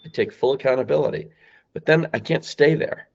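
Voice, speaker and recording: Explaining sales calls on a podcast, a man who founded a sales company speaks a little fast in a gravelly, husky, mid-range voice. He's emphatic, plays out phone lines, and his pitch rises and falls; the sound is muffled.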